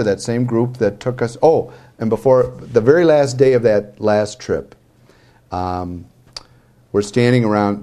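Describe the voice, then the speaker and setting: Chatty priest telling a self-mocking story. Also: male voice, on the low side, a little mellow. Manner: chatty, self-mocking anecdotes with many restarts. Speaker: Catholic priest. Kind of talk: storytelling talk.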